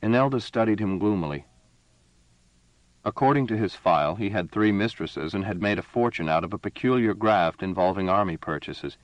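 A man reading a science fiction story as narrator, measured and steady. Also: lowish voice, no room sound, muffled recording. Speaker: audiobook narrator. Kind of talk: scripted narration.

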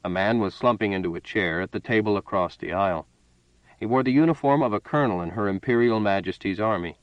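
A man narrating a story in a steady, measured reading voice. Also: on the low side, dry recording, lo-fi sound. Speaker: audiobook narrator. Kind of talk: scripted narration.

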